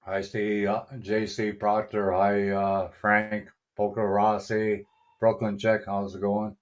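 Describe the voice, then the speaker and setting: A man's voice: fairly low pitch, completely flat delivery, slow pace. A middle-aged man hosting a casual live stream, greeting viewers by name, chuckling often and swearing mildly. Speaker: livestream host.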